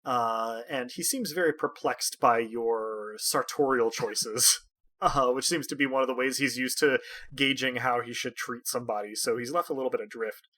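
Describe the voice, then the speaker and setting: A man's voice: medium pitch, normal speed, bright, forceful tone. A man narrating a tabletop game as game master, wry and dotted with hesitant fillers.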